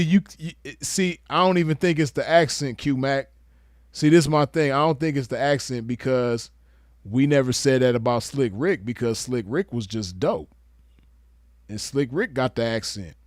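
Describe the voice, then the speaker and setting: A young man from the West Coast talks in a laid-back, slangy way, chuckling as he makes his case. His voice sits at a middle pitch, and the recording is dry and close with no room sound. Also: normal speed, dry recording. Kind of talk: casual commentary.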